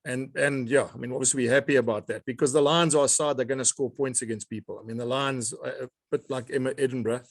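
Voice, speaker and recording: A middle-aged man, a rugby coach answering reporters' questions in a measured way, often repeating words as he searches for them. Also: mid-range voice, steady tone, no room sound. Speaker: rugby coach at a press conference. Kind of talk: press conference answers.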